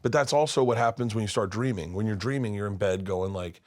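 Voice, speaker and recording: Excitable comedian telling wild stories. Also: male voice, on the low side, fast. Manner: excitable, acts out voices in his stories, laughs loudly. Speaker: comedian guest. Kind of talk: animated storytelling in an interview. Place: his studio.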